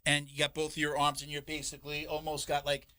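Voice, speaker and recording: A man's voice: a little high, completely flat delivery, fast talker, sharp tone, clear, resonant tone, no room sound. A man co-hosting a podcast, talking casually and rambling, swearing and restarting his sentences often. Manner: rambling, profane, with many restarts.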